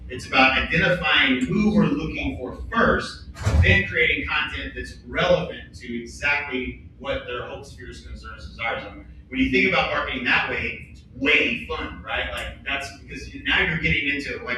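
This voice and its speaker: A man with an Oklahoma accent speaking on a conference panel in a conversational, energetic way. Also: mid-range voice, normal speed, slight background noise. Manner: energetic, conversational, leans on "right?" and "like". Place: large event hall on a stage. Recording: echoey hall from far off.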